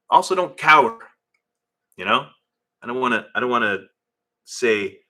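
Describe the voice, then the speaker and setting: A man's voice: on the low side, bright, forceful tone. A middle-aged man hosting a casual livestream from his garage, rambling as he reads viewer comments aloud into a phone. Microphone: phone camera.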